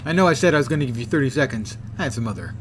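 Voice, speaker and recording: A man's voice: mid-range voice, animated, racing, slight background noise, close to an everyday voice. A man voicing an arrogant, greedy male businessman who talks down to others in a game. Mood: smug. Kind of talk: reading game dialogue aloud.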